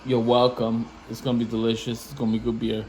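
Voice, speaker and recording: A man ranting casually to camera in slangy, profane talk, getting louder when he is indignant. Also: mid-range voice, fast talker, slight background noise, poor audio. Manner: slangy, animated, swears freely; rising loud when indignant. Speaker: investing vlogger.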